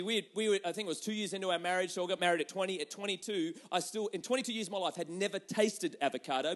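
A young adult pastor with a notably high voice preaches a sermon from the pulpit, animated and telling stories. His delivery is conversational and joking, dropping to hushed tones before surging loud again.

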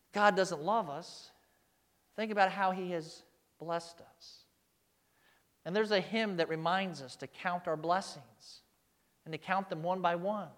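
High-voiced man preaching emphatically. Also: fairly bright tone. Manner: emphatic preaching, rhetorical questions to the congregation. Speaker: pastor. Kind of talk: sermon.

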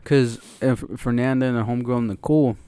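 A man's voice: medium pitch, fairly even intonation, fast, dark tone, smooth, no echo, clean studio sound. A man co-hosting a podcast, talking in a laid-back, slangy, joking way. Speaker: podcast co-host. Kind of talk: casual chat.

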